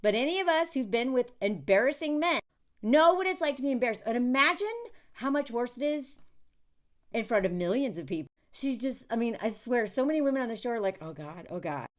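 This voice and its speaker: A woman giving blunt, animated reaction commentary in a casual vlog, swearing freely as she talks. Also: a little high, fairly quick.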